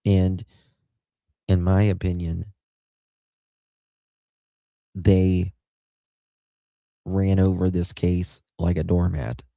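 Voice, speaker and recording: A Southern-accented man hosts a late-night livestream, chatting loosely with viewers and reading their comments aloud. His voice sits very low and gravelly, with a dark, mellow tone. He talks at an unhurried pace. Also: little pitch movement, no echo. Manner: chatty, drawling, greets viewers by name. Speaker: livestream host.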